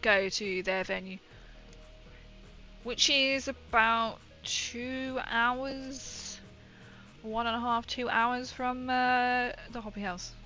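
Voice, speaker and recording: Young woman, rambling chatty streamer, bright crisp voice, faint music underneath. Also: a little high, fairly even intonation, slow pace, lo-fi sound. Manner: rambling, chatty, giggly storyteller. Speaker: livestreamer painting miniatures. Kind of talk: casual chat while painting.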